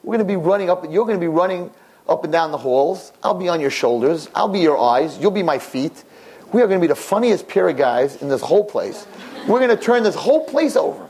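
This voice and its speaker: A man doing a chirpy, high-voiced cheerful old nursing-home resident. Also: animated, fairly quick, a little mellow. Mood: upbeat. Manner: eager, upbeat, chatty.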